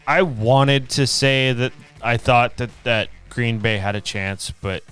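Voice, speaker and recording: A man co-hosting a casual sports podcast, talking in halting bursts with frequent restarts. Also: mid-range voice, fairly even intonation, fairly bright tone, smooth, soft background music. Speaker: podcast co-host.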